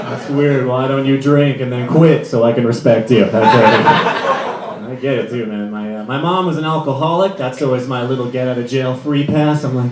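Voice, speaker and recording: A man's voice: mid-range voice, fairly quick, slight background noise. A young man doing a stand-up comedy set in a club, chatty and self-mocking, with loose fillers. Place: comedy club stage before a live audience. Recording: echoey club with crowd laughter.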